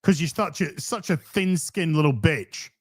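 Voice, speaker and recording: A man's voice: fairly high pitch, expressive, measured pace. A man hosting a commentary show, ranting sarcastically and mocking the streamer he reacts to. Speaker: commentary host.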